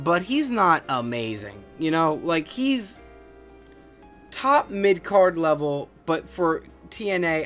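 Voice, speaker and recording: Profane ranting man, raised pitch. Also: fairly bright tone. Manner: profane, scornful ranting with frequent fillers. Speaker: wrestling podcast host. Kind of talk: casual solo rant.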